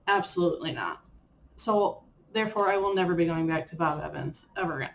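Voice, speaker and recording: A woman's voice: on the low side, fairly quick, vocal fry, a little hiss or hum. A young woman vlogging in a chatty, rambling way with fillers and playful self-mockery. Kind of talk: casual chat reviewing a personal year.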